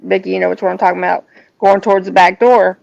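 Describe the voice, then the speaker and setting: Gravelly woman telling a personal story. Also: medium pitch, steady tone, darkish tone. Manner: earnest, halting, with many restarts. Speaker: guest. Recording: dull lo-fi sound.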